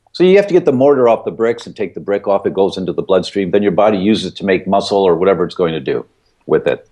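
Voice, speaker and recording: A man's voice: mid-range voice, mellow. Middle-aged guy guest explaining stuff on a podcast, really emphatic, voice goes up and down a lot. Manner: emphatic, repeats key points with vivid analogies. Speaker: guest expert.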